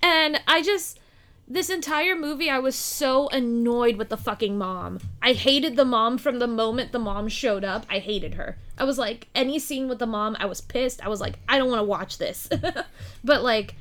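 A woman in casual chat about a movie, animated and swearing, acting out lines from it. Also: fairly high pitch, normal speed.

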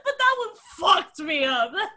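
A woman co-hosting a podcast, telling a story in a loud, laughing, animated way, swearing and acting out the voices. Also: extremely high pitch, a little slow. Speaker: podcast co-host. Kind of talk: animated storytelling in casual chat.

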